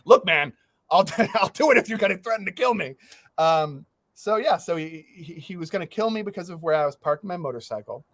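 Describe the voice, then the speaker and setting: A man hosting a podcast, telling a story in casual chat, animated, laughing through it and swearing freely. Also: high-pitched, a little fast, dry recording. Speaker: podcast host.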